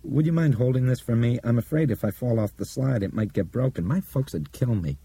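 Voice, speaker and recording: A man's voice: medium pitch, expressive, fairly quick, warm tone, breathy edge, no echo, voice pushed up. A man doing a nervous, polite boy. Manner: earnest, apologetic.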